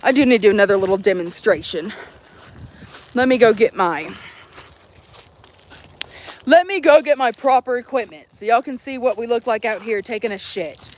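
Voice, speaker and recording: A young woman vlogging to her phone outdoors at a campsite, chatting in an animated, profane, jokey way. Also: fairly high pitch, normal speed, pauses often. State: out of breath. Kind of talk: casual chat to camera.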